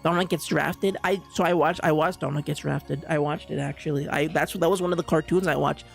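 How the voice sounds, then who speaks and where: Rambling, excitable streamer chatting. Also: mid-range voice, fairly quick, vocal fry, soft background music. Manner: rambling, stammering restarts, excitable. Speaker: live streamer. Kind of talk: casual stream chat.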